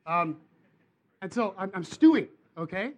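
Man, preacher, animated sermon storytelling, slightly high voice. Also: unhurried. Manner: animated storytelling with rising bursts of emphasis.

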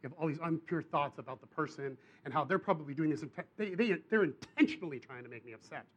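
A man preaches, his voice sitting a little higher than most. He tells his story in an animated way, pushing up into emphatic bursts. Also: fast. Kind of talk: sermon.

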